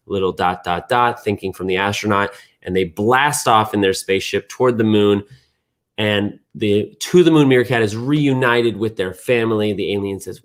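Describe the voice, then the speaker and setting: A man hosting a weekly community news recap, thinking out loud in a relaxed, casual way. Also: fairly low pitch, fairly quick. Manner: thinks aloud, restarts and fillers, relaxed.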